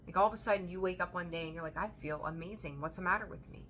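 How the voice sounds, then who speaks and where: A woman reading tarot for her viewers, emphatic and animated, repeating phrases for emphasis and swearing now and then. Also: lowish voice, racing, slight background noise. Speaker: tarot reader. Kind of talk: intuitive tarot reading to camera.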